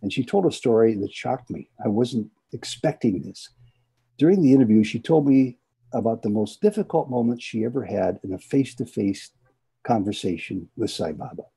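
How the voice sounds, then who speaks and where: A man from the United States gives an earnest devotional talk and leans on repeated phrases to drive his points home. His voice is very dark and mellow, with a strong husky grain, and his pitch sits in the middle range. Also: lively intonation, moderate pace. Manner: earnest storyteller who repeats phrases for emphasis. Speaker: speaker at a spiritual gathering. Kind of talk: devotional talk with personal stories.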